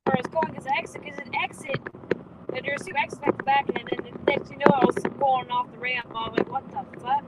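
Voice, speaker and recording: A woman's voice: steady tone, fast talker, very noisy. A woman storm chaser talking casually from a moving car, flustered and swearing now and then. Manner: flustered, swears, swoops in pitch. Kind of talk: casual chat while driving.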